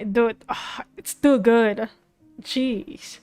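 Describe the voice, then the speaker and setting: This vtuber's voice is fairly high, smooth, and slow, with fairly even intonation. She's a young woman chatting casually and emotionally about an anime, rambling and restarting often over soft background piano.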